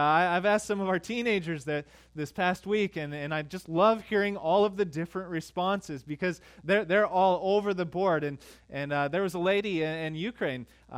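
A middle-aged man preaching a sermon as pastor, conversational and full of fillers, quizzing his congregation. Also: high voice.

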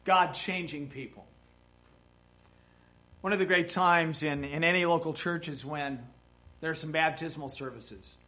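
A man's voice: fairly high pitch, a little slow, pauses often, pushed and bright. A male pastor preaching a sermon, telling stories and rising to emphatic bursts.

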